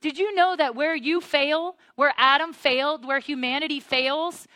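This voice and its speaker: Bright, earnest woman teaching the Bible. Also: high voice, normal speed, no echo. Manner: earnest, builds to excited wonder; addresses listeners as "you guys". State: choked up with emotion.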